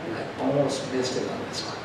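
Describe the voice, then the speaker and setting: A man preaching a storytelling sermon in a folksy way, going from quiet asides to loud, emphatic telling. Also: fairly quick, very noisy. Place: church sanctuary. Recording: echoey church room heard from a distance.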